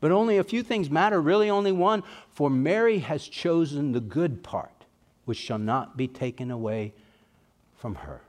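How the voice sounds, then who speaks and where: A man with an East Texas accent voicing Jesus as a gentle, loving male teacher, speaking tenderly. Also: fairly high pitch, expressive, moderate pace, lightly acted. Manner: tender, soft-spoken.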